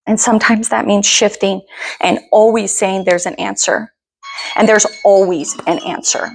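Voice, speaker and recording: Middle-aged woman, slightly higher voice, casual heartfelt storytelling, animated and encouraging, acts out the dialogue. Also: breathy edge. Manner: earnest, encouraging, animated retelling with quoted dialogue. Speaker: mother telling a family story.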